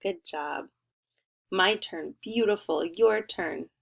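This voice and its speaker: A woman's voice: lowish voice, gravelly. Encouraging woman teaching first graders. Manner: encouraging, sing-song teacher talk with slow drawn-out words. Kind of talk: remote spelling lesson for young children.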